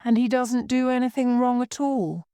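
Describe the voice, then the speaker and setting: A woman's voice: on the high side, moderate pace, warm tone, clear, resonant tone, no room sound, studio quality, pitched above the performer's own voice, natural voice. A woman voicing a curious, polite young girl who asks puzzled questions.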